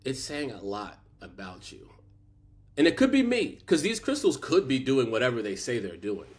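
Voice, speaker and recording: A man's voice: medium pitch, huge pitch swings, normal speed. A middle-aged man co-hosting a podcast, telling the story animatedly in a casual chat and laughing often. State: sick. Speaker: podcast co-host. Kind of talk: casual chat recapping a sitcom.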